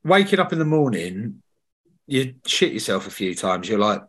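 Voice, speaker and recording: A man's voice: on the low side, sing-song, normal speed, a bit bright, breathy edge. A man hosting a podcast, chatting casually and telling slangy, swear-laced stories. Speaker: podcast host. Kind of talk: casual chat.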